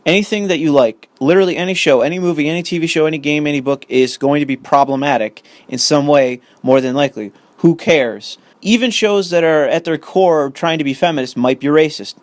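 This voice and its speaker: A man's voice: on the high side, a little fast, hardly any pauses, no room sound. A young man ranting in commentary, profane and sarcastic, reading an article aloud and arguing with it. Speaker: commentary host.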